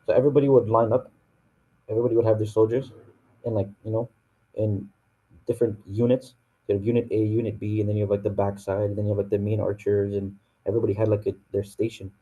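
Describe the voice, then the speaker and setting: Man, North American accent, casual lesson, filler-heavy, low, very mellow. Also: fast talker, dull audio. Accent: North American English. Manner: relaxed, full of fillers and restarts. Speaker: Quran teacher. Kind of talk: casual classroom explanation.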